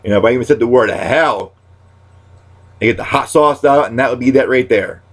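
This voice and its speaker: A man's voice: medium pitch, a little fast. A man in his thirties, a stand-up comic, talking to camera in a loose, rambling monologue full of restarts and pet catchphrases. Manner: goes quiet and subdued when talking about loss.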